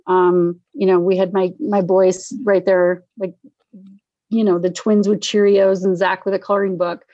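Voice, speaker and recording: A middle-aged woman telling her recovery story in casual conversation, animated, acting out the voices of people she quotes. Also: mid-range voice, moderate pace, no echo, muffled recording. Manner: animated, acts out quoted voices, laughs often. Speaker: guest sharing recovery story. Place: Denver area.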